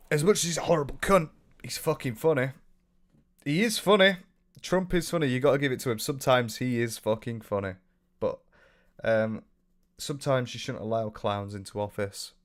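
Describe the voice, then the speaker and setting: A young man talks on a live stream from his room. His voice sits a little low and comes out hoarse from a sore throat. He rambles loosely, swears freely, and fills his pauses with ums while he reads out viewer comments. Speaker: livestreamer. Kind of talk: casual live stream chat, reading viewer comments aloud.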